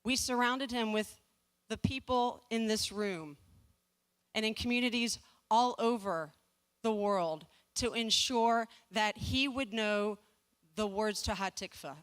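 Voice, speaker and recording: A woman in her forties from the American South speaks slowly in a slightly high, clean voice. At a community fundraising talk she tells a funny story about her own life with comic timing and self-mocking asides, restarting and repeating words.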